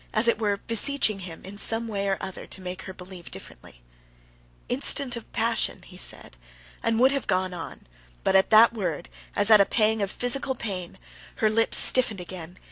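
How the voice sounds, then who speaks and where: Bright-voiced woman narrating a novel. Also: medium pitch, breathy edge, no echo, rough recording. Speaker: audiobook narrator. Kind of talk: scripted narration of a classic novel.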